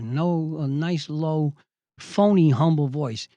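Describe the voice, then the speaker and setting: A man's voice: on the high side, unhurried, no echo. An older man, a judge, hosting and telling a courtroom story from his days as a trial lawyer, acting out the exchanges with relish. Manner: lively anecdotal telling, acting out quoted exchanges.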